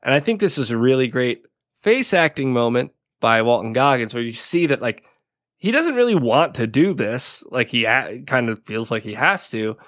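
A man of ordinary, mid-range pitch talks through a TV episode on a casual podcast. He is chatty and loose, peppering his recap with "like" and breaking into laughter now and then. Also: very animated, moderate pace, fairly bright tone. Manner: chatty, laughs often, leans on "like" a lot. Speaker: podcast co-host.

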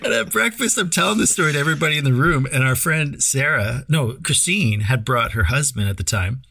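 A Canadian man from Ontario co-hosts a casual podcast with a somewhat husky voice. He tells stories in an animated way, laughing often and swearing freely. The sound is dry and close. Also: fairly high pitch, fairly quick, dry recording. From Lanark County, Ontario, Canada. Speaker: podcast co-host. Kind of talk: casual chat and storytelling.

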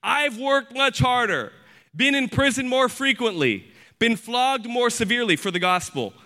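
A man's voice: very high-pitched, animated, normal speed, pushed and bright, voice pushed up, exaggerated voice. A man reading aloud in the voice of an ancient male apostle, declaiming his trials in dramatic recitation.

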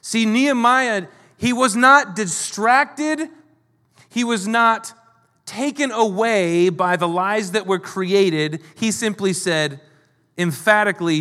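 A male pastor preaching a sermon, moving between emphatic and quiet delivery. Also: high voice, slow pace, big-room sound.

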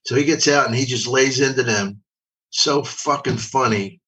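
A man's voice: mid-range voice, moderate pace, fairly bright tone. Older man, rambling profane storyteller, sits back from the mic. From Philadelphia. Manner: rambling, repeats words, profane. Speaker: guest comedian. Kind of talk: casual storytelling. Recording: voice from a distance.

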